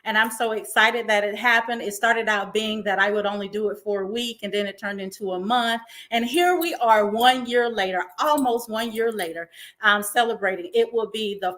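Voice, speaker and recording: A woman's voice: mid-range voice, steady tone, normal speed, a bit bright. A woman hosting a show, talking in an emotional, effusive, faith-filled way to encourage her viewers. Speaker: host. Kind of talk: inspirational talk-show monologue.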